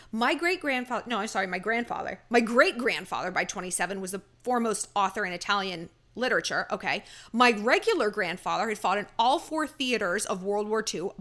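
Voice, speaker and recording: A woman's voice: on the high side, pushed and bright. A woman hosting a dating advice podcast, giving blunt, sassy advice with swearing and emphatic asides. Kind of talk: casual advice monologue.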